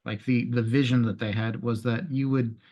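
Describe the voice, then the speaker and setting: Interviewer, man, mid-pitched, hesitant delivery with lots of ums. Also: steady tone, normal speed, a little mellow. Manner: hesitant, full of fillers. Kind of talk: casual interview chat.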